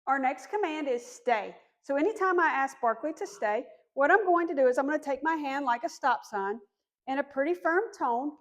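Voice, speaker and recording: Calm, encouraging woman dog trainer. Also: high-pitched, normal speed. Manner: calm, encouraging, firm on commands. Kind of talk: instructional demonstration.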